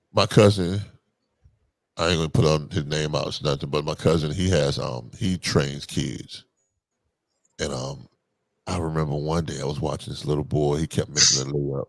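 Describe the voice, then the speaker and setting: Deep-voiced man in loose podcast chat. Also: unhurried, gravelly, long pauses, no echo. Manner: animated, swears a lot, loud outbursts when worked up. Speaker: podcast co-host. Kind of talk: casual chat.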